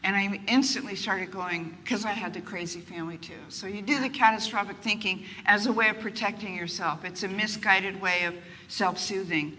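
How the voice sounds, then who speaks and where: There's a little hiss or hum as this older woman, mid-range and a bit quick, talks candidly as a guest author before a group. She animatedly recounts self-mocking anecdotes and mimics what people told her, and the recording sounds distant and roomy with faint ambience.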